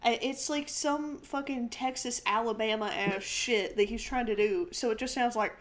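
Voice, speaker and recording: A woman co-hosting a podcast, retelling a film in a profane, animated, laughing way. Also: fairly high pitch, normal speed. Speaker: podcast co-host. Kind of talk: casual podcast chat.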